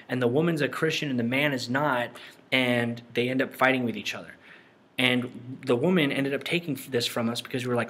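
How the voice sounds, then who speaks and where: A man with a somewhat husky voice talks his way through film clips in loose Christian commentary. He rambles, repeats himself and slips into short impressions of the people he is describing. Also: medium pitch, a little fast, fairly bright tone. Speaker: Christian documentary presenter.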